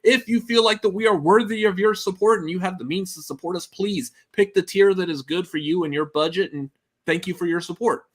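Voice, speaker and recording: A man with a drawl, hosting a live movie-ranking stream in a loose, chatty way. His voice sits a little high, full of uhs and easy asides to the chat. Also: fairly quick. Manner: drawling, says y'all, many uh fillers, laughs easily.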